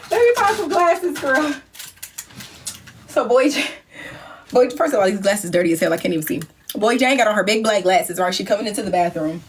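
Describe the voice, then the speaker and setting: A woman's voice: mid-range voice, fairly quick, a little hiss or hum. A woman on a live stream telling a story, acting scenes out with swearing and laughter. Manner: profane, laughing, acts scenes out. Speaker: livestream host.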